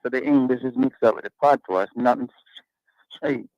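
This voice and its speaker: A man's voice: medium pitch, normal speed, no room sound. A man hosting a radio talk panel, arguing his points in an emphatic, preachy way. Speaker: radio talk show host. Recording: dull lo-fi radio sound.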